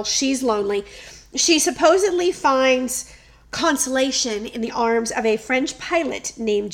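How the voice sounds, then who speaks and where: A woman hosting a casual chat, telling a story in an animated way and reading quotes aloud playfully. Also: sits high. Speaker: podcast host.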